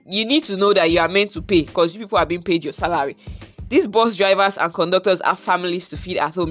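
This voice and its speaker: Nigerian-accented vlogger, casual storytime, exasperated and chatty, soft music underneath. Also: mid-range voice. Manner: chatty, exasperated, mixes in pidgin slang.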